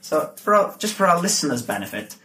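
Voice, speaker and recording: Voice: mid-range voice, big pitch swings, brisk, sharp tone, slight background noise. A podcast host chatting casually and explaining things to listeners. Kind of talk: casual interview chat. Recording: roomy kitchen.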